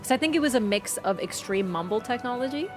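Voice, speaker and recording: A young woman streaming a game, chatting casually and telling travel stories with animated swings into quoted voices. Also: on the high side, fast, music in the background. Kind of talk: casual chat while gaming.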